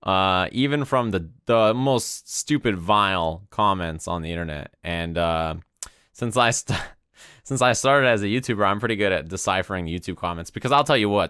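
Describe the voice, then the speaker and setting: A man's voice: sits low, animated, moderate pace, sharp tone, clear, resonant tone, no room sound, clean studio sound. A man in his twenties chatting casually on a stream, laid-back, rambling and profane, often tagging "right?" onto his sentences. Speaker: streamer and fighting game commentator. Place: home room with a window.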